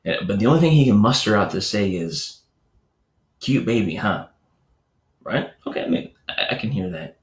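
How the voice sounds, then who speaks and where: Lowish-voiced man teaching in an echoey room. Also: sing-song, fast talker. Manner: conversational, storytelling with filler words and asides. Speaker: educator hosting a morning enrichment show. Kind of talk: casual teaching talk to parents.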